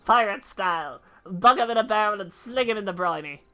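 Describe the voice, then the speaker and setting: A woman voicing a gruff middle-aged male ex-pirate turned debt collector, swaggering and full of seafaring slang. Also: medium pitch, animated, a little fast, bright, forceful tone.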